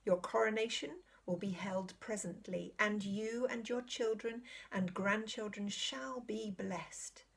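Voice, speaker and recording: A woman reading aloud, voicing a great solemn male lion king who speaks slowly and with authority. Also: mid-range voice, creaky. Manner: slow, solemn, commanding.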